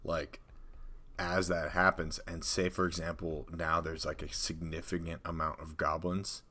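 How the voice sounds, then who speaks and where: A man with a bright, tense voice sitting a little low in pitch, tossing out game ideas in casual chat. He gets excitable, piling up fillers and making sound effects. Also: a little slow. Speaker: podcast co-host designing a tabletop adventure.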